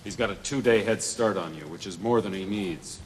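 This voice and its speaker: An actor playing a bold middle-aged adventurer archaeologist in a film, talking defiantly. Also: male voice, on the low side, fairly quick, slight background noise, lightly acted. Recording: film soundtrack with long reverb and faint ambience.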